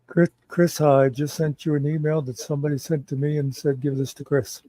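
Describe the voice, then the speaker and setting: A man taking part in a casual live-stream chat, speaking in a measured, halting way. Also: fairly high pitch, level tone, dark tone, dry recording, rough recording.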